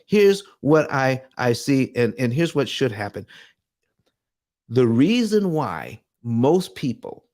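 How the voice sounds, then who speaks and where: A man's voice: medium pitch, a little mellow. A man hosting a personal finance livestream who speaks emphatically to camera, often restarting and repeating himself as he presses his point. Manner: emphatic and earnest, with frequent restarts and repeated phrases. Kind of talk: motivational livestream talk. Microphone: webcam or desk mic, speaking to camera.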